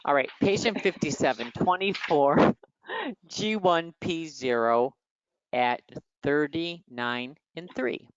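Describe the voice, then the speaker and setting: A woman's voice: deep voice, animated, slow, no room sound. A woman from Michigan with a nasal Midwestern accent, teaching in a chatty, teasing, direct way on a video call. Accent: Midwestern American. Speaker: exam prep tutor. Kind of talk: online teaching session. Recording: muffled dry call audio.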